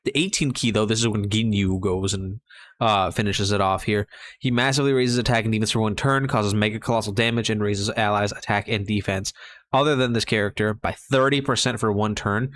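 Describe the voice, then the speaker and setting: A man's voice: fairly low pitch, steady tone, brisk, fairly bright tone, no echo. A young man who is sick, giving casual, rambling commentary on a mobile game card, enthusiastic and full of fillers and restarts. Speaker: mobile game content creator.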